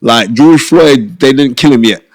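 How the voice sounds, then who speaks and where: A middle-aged man, telling stories in an interview, animated and slangy, repeating his phrases. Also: mid-range voice, measured pace, no room sound, studio quality. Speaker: boxing pundit and former boxer. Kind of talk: casual storytelling interview.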